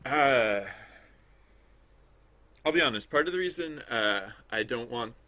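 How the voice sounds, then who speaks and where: A man's voice: medium pitch, expressive, a little slow, bright, forceful tone. A man streaming his game development work, chatting casually and rambling as he thinks aloud. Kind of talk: casual livestream commentary while working.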